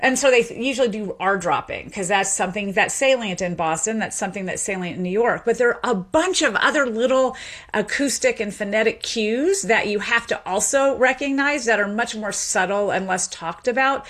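A woman's voice: mid-range voice, normal speed, a bit bright. Articulate woman explaining accents. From American South. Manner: articulate, explanatory, laughs easily. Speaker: linguist guest. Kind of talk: radio interview.

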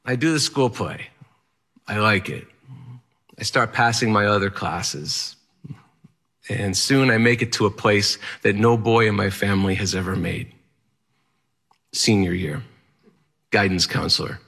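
A man's voice: fairly low pitch, unhurried, creaky, pauses often, fairly bright tone, breathy edge. A man telling a personal story to an audience in a vivid, dramatic way.

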